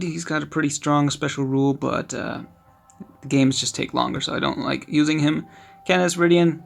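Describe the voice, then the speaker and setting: A man giving a casual, card-by-card review of a collectible card game, with quick offhand verdicts and many fillers. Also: fairly high pitch, creaky, a bit bright. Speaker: card game video creator.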